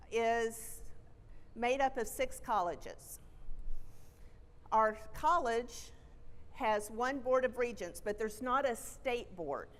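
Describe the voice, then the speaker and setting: A middle-aged woman with a Texan accent, a college president giving a friendly, chatty conference keynote at a stage microphone. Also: on the high side. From Texas. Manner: friendly, chatty, self-deprecating asides. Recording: reverberant auditorium.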